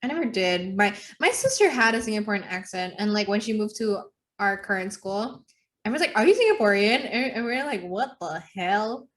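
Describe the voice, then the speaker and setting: A woman's voice: medium pitch, lively intonation, brisk, a bit bright. A teenage girl from Indonesia co-hosting a podcast. She talks in a casual, blunt way and teases her friend often. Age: teens. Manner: blunt, teasing. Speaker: podcast co-host. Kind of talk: casual chat.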